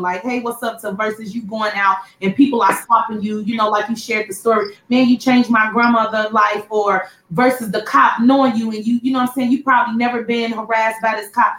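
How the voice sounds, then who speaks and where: Lady interviewer, kinda high voice, long wandering questions, roomy echo. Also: a bit bright. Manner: long rambling questions, affirming replies. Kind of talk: casual interview.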